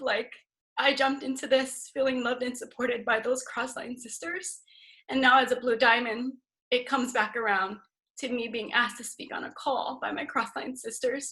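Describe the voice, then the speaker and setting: A woman's voice: high voice, fairly bright tone, poor audio. A young woman from Hawaii speaking as a guest on a team video call, nervous and close to tears as she talks. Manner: nervous, emotional, near tears. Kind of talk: casual team call talk.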